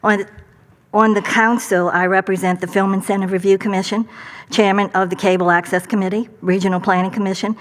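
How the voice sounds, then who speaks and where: An older woman from Louisiana, a council member, giving a formal opening statement and evenly reading out a list of credentials. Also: mid-range voice. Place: large hall, public forum. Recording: long hall reverb.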